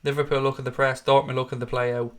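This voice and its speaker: A man commentates a football match live for his viewers, fast and profane. His voice sits at an ordinary middle pitch for a man, and he jumps between excited play calls, curses at the referee, and replies to the chat. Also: clear, resonant tone. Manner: excitable, sweary, rants at the referee. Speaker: fan hosting a live watchalong.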